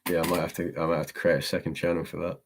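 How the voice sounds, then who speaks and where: A man's voice: low-pitched, level tone, very fast, slight background noise. A man hosting a live stream and answering chat, chatty and self-deprecating, laughing often as he reads the questions.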